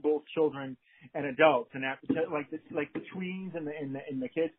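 A man's voice: on the high side, a little hiss or hum. A man with a New England accent, a theater director chatting casually as a guest, often restarting his sentences. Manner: halting, many restarts and fillers. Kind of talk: casual conversation. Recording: phone-like line.

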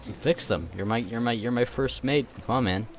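A young man playing a co-op game with a friend, teasing and animated, with bursts of laughter. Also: medium pitch, fairly quick, over a noisy crowd. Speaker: gaming YouTuber. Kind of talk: casual co-op gameplay banter.

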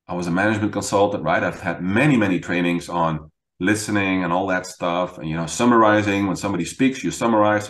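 Low-voiced man telling stories in an echoey room. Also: brisk. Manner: animated storyteller, acts out quoted dialogue, frequent "right?". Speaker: podcast guest, executive coach. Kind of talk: conversational interview.

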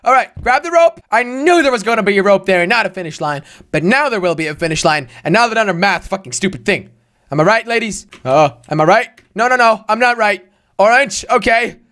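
A young man hosting a gaming channel, giving excitable let's-play commentary, talking to himself and shouting and swearing at the game. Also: high voice, fairly quick.

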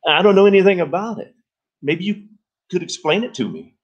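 A man doing a shy, soft-spoken teenage girl. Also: high voice, lively intonation, fairly quick, slightly rough, dull audio, voice pushed up. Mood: hesitant. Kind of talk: literary reading.

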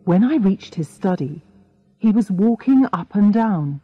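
Slow, expressive woman narrating an audiobook. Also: medium pitch, dry recording. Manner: clear, deliberate reading. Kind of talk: scripted audiobook narration for English learners. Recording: dull, dry audiobook recording.

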